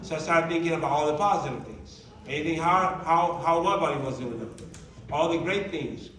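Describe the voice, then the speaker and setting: Male workshop presenter with a high voice, emphatic and chatty, recorded from a distance in an echoey meeting room. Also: fairly quick, fairly bright tone. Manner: conversational and emphatic, with many rhetorical questions. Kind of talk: motivational talk to a live group.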